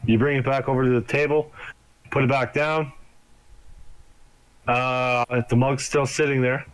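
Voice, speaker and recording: A man running a tabletop game as game master, narrating casually, with quick delivery and free swearing. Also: mid-range voice, fairly even intonation, smooth, low-quality recording.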